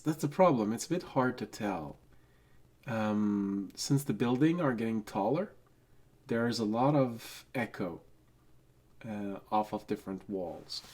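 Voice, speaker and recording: A man's voice: on the low side, animated, takes it slowly, darkish tone. A man with a sick voice, running a tabletop game as game master. He narrates the scene unhurriedly and laughs often at the players' jokes.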